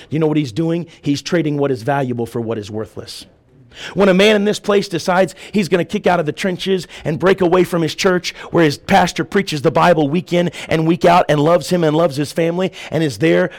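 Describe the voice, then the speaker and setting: A man preaching a fiery sermon in church, swinging from loud shouted lines down to hushed ones. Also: on the high side. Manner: preaching with rising shouts and sudden drops to a hush. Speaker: pastor.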